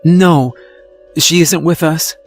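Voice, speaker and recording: A man's voice: on the high side, steady tone, slow pace, faint music behind, voice pushed up. A man voicing a nervous teenage girl who stumbles over her words, in a storybook reading. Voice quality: stammering.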